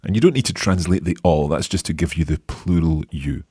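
Deep, husky-voiced male language teacher. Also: warm tone, no echo, studio quality. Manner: clear, patient, slow modelling of phrases. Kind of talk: podcast language lesson.

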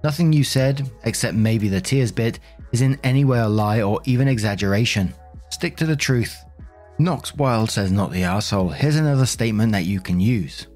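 A man reading online posts aloud and commenting on them in a calm, matter-of-fact way. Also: fairly low pitch, moderate pace, soft background music. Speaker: story reader and host.

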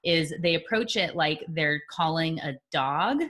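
Her voice sits low and her delivery is unhurried as she appears as a guest in a conversational interview. She explains her ideas in a lively manner, acting out examples and laughing along the way.

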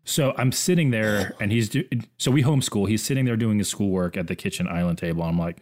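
Man, low voice, easygoing, jokey podcast co-host. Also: fast talker, a little mellow. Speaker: co-host, father. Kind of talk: casual chat.

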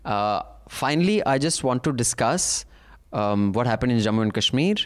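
A man's voice: mid-range voice, lively intonation, moderate pace, smooth. A man hosting a casual panel chat, reading listener mail and teasing his co-hosts. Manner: jokey, teasing, puts on voices for laughs.

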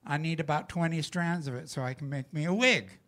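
An insistent six-year-old boy begging for what he wants, as an older man acts out his younger self. The voice is raised and bright. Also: a little high, a little fast. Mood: pleading. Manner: eager, insistent pleading.

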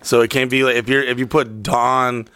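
A man chatting casually and telling a story, swearing often and deadpan in his delivery. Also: mid-range voice, moderate pace, clear, resonant tone, no room sound. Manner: profane, deadpan.

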